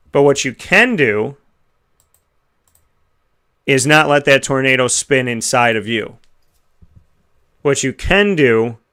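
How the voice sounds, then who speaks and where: A man's voice: mid-range voice, sharp tone. An American man hosting a talk show segment, giving an earnest, reflective motivational talk full of rhetorical questions. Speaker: radio show host.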